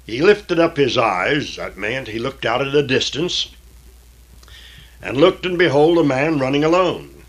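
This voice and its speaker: Man, scripture reading with commentary, very slow, measured, mid-pitched, plain asides between verses. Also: expressive. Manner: deliberate old-fashioned scripture diction with plain asides. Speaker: Bible reader and teacher.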